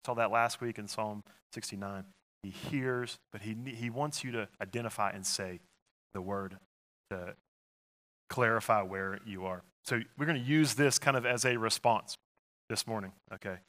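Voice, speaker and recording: A man's voice: fairly low pitch, moderate pace, a bit bright. A middle-aged man preaching a sermon to his congregation, using call-and-response and voicing Jesus' replies. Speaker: pastor.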